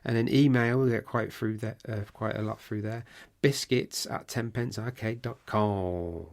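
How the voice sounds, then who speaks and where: A man as a chatty podcast co-host, rambling and joking through his notes. His voice is gravelly with some fry and is wearing thin and hoarse. The delivery is loose and casual. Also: fairly low pitch, steady tone, a little slow. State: voice going hoarse.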